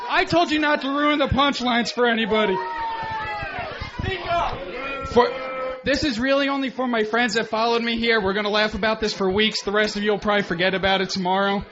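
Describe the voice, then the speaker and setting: Awkward, high-voiced amateur stand-up comic. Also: male voice, steady tone, quick pace, noisy background. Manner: self-deprecating, awkward. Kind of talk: stand-up set. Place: comedy club stage. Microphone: handheld stage mic. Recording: muffled radio broadcast, live crowd.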